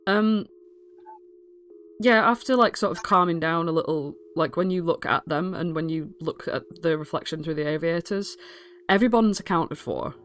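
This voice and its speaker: A woman's voice: deep voice, moderate pace. Rambling woman game master. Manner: rambling, full of fillers, animated. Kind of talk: narrating a tabletop game.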